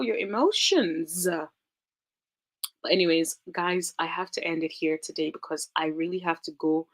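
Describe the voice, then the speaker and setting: A young woman giving casual, rambling reality TV commentary, talking straight to her viewers with animated, dramatic exclamations. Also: fairly low pitch, moderate pace.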